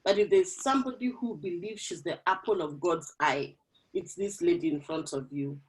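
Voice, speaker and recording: A woman's voice: on the low side, normal speed, poor audio. A woman hosting an online women's forum over a video call, chatty and laughing often. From Kenya. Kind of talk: casual chat on a video call.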